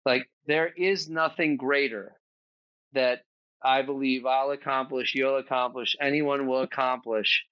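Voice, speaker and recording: A man's voice: medium pitch, fairly even intonation, moderate pace, a bit bright, clean tone, dry recording, highs cut off. A man speaking as a podcast guest in a casual, earnest, reflective conversation, thinking aloud with fillers.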